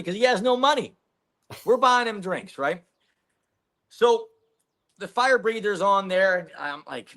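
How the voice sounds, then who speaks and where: A man's voice: high voice, very animated, moderate pace, sharp tone. A man, a podcast guest telling a rambling, profane story in casual chat. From Canada.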